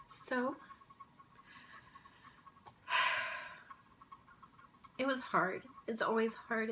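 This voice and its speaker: A woman vlogger, tearful and emotional, speaking softly and haltingly in casual chat at home. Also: a little high, slight background noise, rough recording. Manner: soft-spoken, halting, with restarts and sighs.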